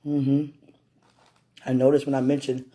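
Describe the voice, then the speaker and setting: A man chatting affectionately at home while eating, soft-spoken and often murmuring, in a casual intimate vlog. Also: mid-range voice, monotone, measured pace, a little hiss or hum.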